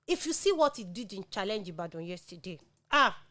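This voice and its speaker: A woman's voice: mid-range voice, sing-song, fairly quick, pushed and bright. A young woman from Ekiti State with a Nigerian accent, co-hosting a gospel radio show in a playful, laughing way and mixing in Yoruba and pidgin. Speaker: radio co-host. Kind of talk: lively gospel radio banter.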